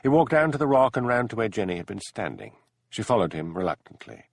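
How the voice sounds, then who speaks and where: Gravelly male audiobook narrator. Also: fairly low pitch, big pitch swings, fast. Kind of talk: scripted narration.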